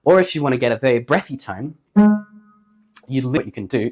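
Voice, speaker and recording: A man giving a singing lesson to camera, upbeat and jokey, his voice slightly hoarse after the flu. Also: medium pitch, expressive, a little fast, pauses often, soft background music. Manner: upbeat, jokey, emphatic on key points. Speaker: singing teacher.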